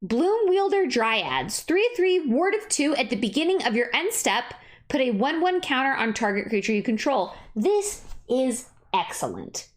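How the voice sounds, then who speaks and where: A high-voiced woman chats on a live stream and reads game card text aloud. She gets excited easily and laughs often. Her talk is loose and casual, close to a desk mic. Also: unhurried. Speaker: streamer reviewing cards.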